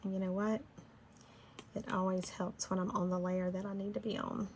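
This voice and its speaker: A woman's voice: mid-range voice, little pitch movement, normal speed, slight background noise. A middle-aged woman with a Southern Georgia accent, chatting casually and rambling while she leads a design tutorial. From Florida. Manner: chatty, rambling, laughs easily. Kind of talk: casual screen-recorded tutorial chat.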